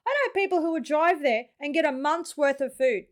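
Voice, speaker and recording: An Australian woman hosts a reaction video in a chatty, informal way, talking directly to her audience. Her voice sits high and light. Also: a little fast. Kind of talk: casual reaction commentary.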